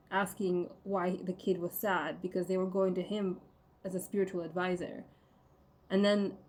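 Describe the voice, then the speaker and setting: A woman talking casually and bluntly to her viewers, rambling with constant "like" fillers and frequent swearing. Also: fairly low pitch. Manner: rambling, heavy use of "like" fillers; profane, blunt.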